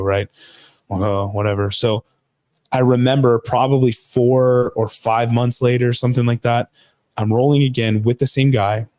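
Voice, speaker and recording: A man's voice: on the low side, a little mellow, no echo. A man in his thirties, a podcast guest, telling a personal story in an earnest, casual way, often restarting his sentences. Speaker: podcast guest, jiu-jitsu coach.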